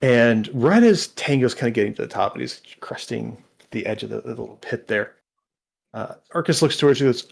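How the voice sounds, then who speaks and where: A man's voice: medium pitch, lively intonation, a little fast, vocal fry, slightly rough. A man narrating a tabletop game as game master, rambling with frequent restarts. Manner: rambling, many restarts and fillers.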